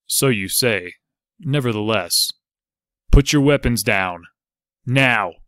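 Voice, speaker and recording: A blunt, suspicious outlaw leader hides under his cowl and barks his questions, as a man reads him. The voice sits low and close, with a dry, deadened sound. He talks in short, demanding bursts. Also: moderate pace, a bit bright, smooth, no echo, lightly acted. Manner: curt and demanding.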